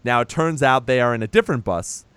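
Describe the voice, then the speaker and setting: Male podcast co-host, relaxed and profane, smooth clean voice, dry recording. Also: mid-range voice, quick pace, no room sound. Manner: loose and profane, laughs while retelling scenes. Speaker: podcast co-host recapping a film. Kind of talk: casual chat.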